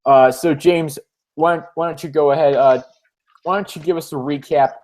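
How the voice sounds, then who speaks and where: A man's voice: a little high, fairly even intonation, normal speed, a little mellow. Hesitant man hosting a comic podcast. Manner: hesitant, many uhs, laughs often. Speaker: comic book podcast host. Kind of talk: casual podcast chat.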